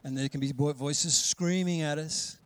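A pastor preaches in an easy, conversational way. His voice sits a little high for a man. He acts out the voices he quotes and sinks to a hush for gentle lines. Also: steady tone, moderate pace. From Australia. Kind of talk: sermon.

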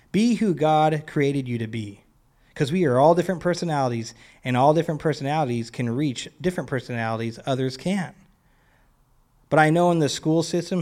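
A man's voice: medium pitch, a little mellow. A man preaching an earnest, conversational sermon, chuckling now and then at his own stories. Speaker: lay preacher and business owner.

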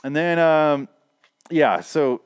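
A man's voice: on the high side, slow pace, clear, resonant tone, dry recording, clean studio sound. A man casually recapping a TV episode, rambling and profane, laughing at his own asides.

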